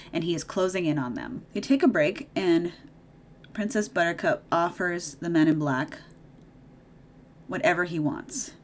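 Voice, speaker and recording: A woman giving a casual movie recap while doing her makeup, chatty and opinionated, with sarcastic asides. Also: on the low side. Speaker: video creator.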